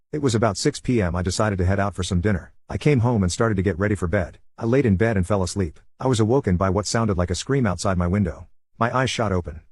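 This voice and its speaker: A man reads a scary tale at a quick, even pace. His voice sits low and has a husky edge. The sound is dry and close, with no room around it. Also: no echo. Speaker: narrator. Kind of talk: scripted horror story narration.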